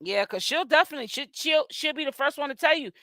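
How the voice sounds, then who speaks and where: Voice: high-pitched, expressive, sharp tone, no echo, clean studio sound. A host from Boston with a Boston accent, giving sassy, chatty live-stream commentary and reading viewers' chat aloud. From Boston, Massachusetts. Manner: sassy and chatty, with drawn-out exclamations. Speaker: host of a celebrity gossip channel.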